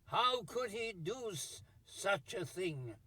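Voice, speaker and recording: Male storyteller, theatrical, high lively voice, very slow, husky, dry close sound. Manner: theatrical, addresses the audience. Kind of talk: storytelling narration.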